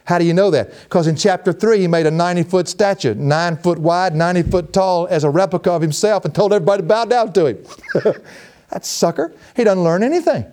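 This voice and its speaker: A man preaching a sermon in a folksy, animated way, laughing often and jumping into high, excited bursts. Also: fairly quick. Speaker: pastor. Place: church.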